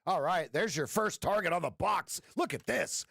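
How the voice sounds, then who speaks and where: A man's voice: high voice, lively intonation, normal speed, gravelly, bright, forceful tone, no room sound, studio quality. A man coaching viewers through trades on a live stream, playful and jokey, breaking into sound effects. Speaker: trading coach. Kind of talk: live-stream trading commentary.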